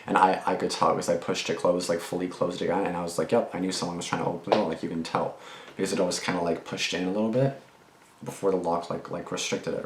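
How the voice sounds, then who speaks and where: A young man casually rambling through reaction commentary and a personal story, full of fillers, restarts and swearing. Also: deep voice. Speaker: reaction channel host. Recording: echoey room with faint background noise.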